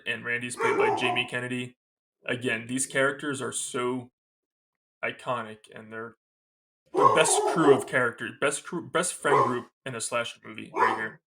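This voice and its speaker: A man's voice: medium pitch, background noise. A man co-hosting a podcast, recapping a movie scene by scene in a loose, rambling way, gushing like a fan. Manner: loose and rambling, with many fillers. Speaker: podcast co-host. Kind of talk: casual movie review recap.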